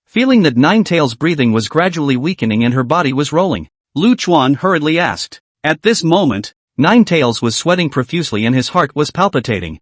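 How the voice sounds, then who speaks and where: A man narrating a comic story recap in a scripted, expressive reading. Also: fairly high pitch, fairly quick, few pauses, no echo.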